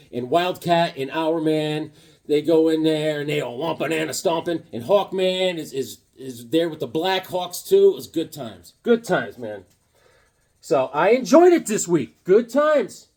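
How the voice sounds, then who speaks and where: A man's voice: fairly high pitch, darkish tone. A man in his fifties talking casually about comic books, rambling and joking with lots of filler words. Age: 50s. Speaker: comic book vlogger. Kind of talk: casual comic review vlog.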